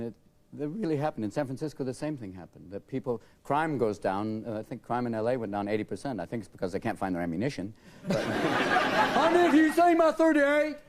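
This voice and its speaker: A man in his forties riffing comically as a talk show guest, breaking into silly voices. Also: mid-range voice. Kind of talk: comedic talk show chat. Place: TV studio with live audience. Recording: loud audience laughter and studio noise.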